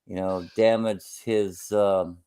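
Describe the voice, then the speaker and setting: Low-voiced man ranting emphatically. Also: steady tone, takes it slowly, mellow, clear, resonant tone. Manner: emphatic ranting with frequent swearing and fillers. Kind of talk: casual chat.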